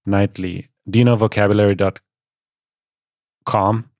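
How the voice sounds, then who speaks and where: A man's voice: fairly low pitch, little pitch movement, normal speed, darkish tone, no room sound. A man co-hosting a podcast in casual chat, precise and explanatory with dry humor. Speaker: podcast co-host.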